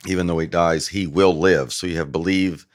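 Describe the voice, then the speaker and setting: A man's voice: low voice, steady tone, normal speed, no room sound, studio quality. A male guest theologian patiently explaining Greek grammar in a casual discussion, with frequent fillers.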